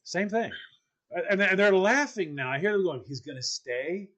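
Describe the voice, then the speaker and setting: A man's voice: sits high, moderate pace, highs cut off, a loud crowd. A man co-hosting a casual chat show, telling a comic story and acting out the other people in it. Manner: animated, acts out quoted voices. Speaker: podcast co-host.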